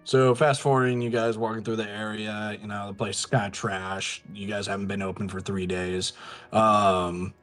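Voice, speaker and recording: A man's voice: lowish voice, level tone, normal speed, fairly bright tone, soft background music. A man narrating a tabletop game as game master, casual and rambling with lots of fillers.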